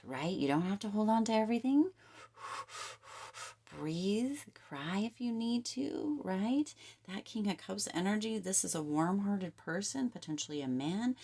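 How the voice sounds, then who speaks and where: A woman giving a tarot reading to camera, talking in emphatic, repetitive coaching phrases and now and then dropping to a soft near-whisper. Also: fairly low pitch. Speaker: tarot reader.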